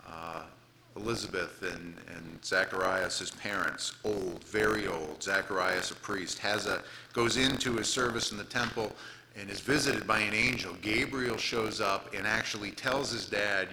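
Bright-voiced man preaching conversationally. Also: fairly low pitch, fairly even intonation, measured pace, a little hiss or hum, rough recording. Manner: retells scripture casually, reads King James verses aloud. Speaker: pastor. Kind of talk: conversational sermon.

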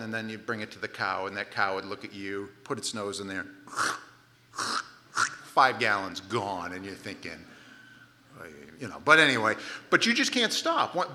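A man preaching a sermon in a conversational way, often restarting and repeating words, and growing loud and emphatic at his high points. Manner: grows loud and emphatic at climaxes. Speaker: pastor.

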